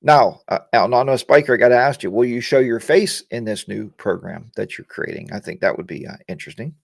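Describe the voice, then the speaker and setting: A man's voice: medium pitch, animated, brisk, vocal fry, dry recording, studio quality. A middle-aged man hosting a casual live motorcycle chat show, rambling and joking as he greets viewers and reads their comments. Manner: rambling and joking, chatty asides.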